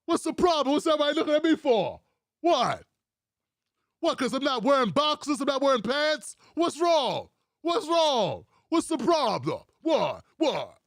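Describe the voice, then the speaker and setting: A man's voice: very high-pitched, sing-song, normal speed, dry recording, studio quality, full character voice. A man mimicking a brash, crude old-school male boss who keeps asking what's wrong in mock innocence. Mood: mock-innocent.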